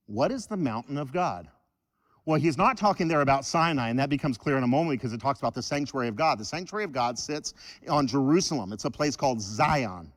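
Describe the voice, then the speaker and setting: A man preaching a sermon in church, animated and joking with the congregation. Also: medium pitch, fast, big-room sound. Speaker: pastor.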